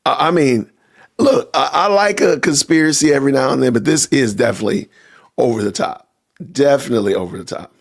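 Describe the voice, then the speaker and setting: A man hosts a casual livestream and reacts out loud to his viewers. His voice is gravelly and husky, and his pitch sits in the middle. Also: brisk. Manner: talks to chat with y'all, reacting loudly. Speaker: podcast host.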